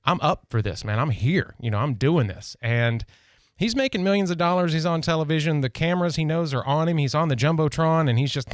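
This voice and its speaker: A man's voice: a little high, fairly quick, no echo. A man hosting a local radio talk show in a studio, chatting casually and rambling through personal stories. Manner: chatty, rambling, self-deprecating. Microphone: studio microphone.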